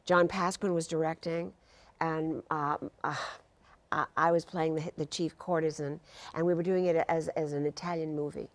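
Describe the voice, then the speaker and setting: An older actress, a guest on a talk show, telling stories with lively energy and laughing through them. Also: female voice, deep voice, moderate pace. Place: TV studio.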